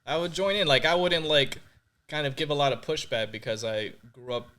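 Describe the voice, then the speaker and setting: A man's voice: fairly high pitch, brisk, pushed and bright. A young man from Puerto Rico telling his personal faith story as a podcast guest, earnest and emotional, full of "like" and "you know".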